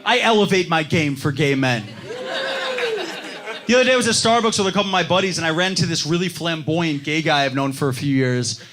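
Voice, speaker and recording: A young man doing a stand-up comedy set on a club stage, telling self-mocking stories with animated delivery. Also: on the high side, fairly quick, a crowd in the background. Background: audience laughter.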